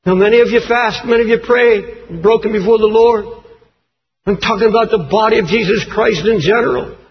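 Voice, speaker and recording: A man preaching a sermon, impassioned and shouting at its peaks, reading scripture aloud. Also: high voice, brisk, lo-fi sound. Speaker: pastor.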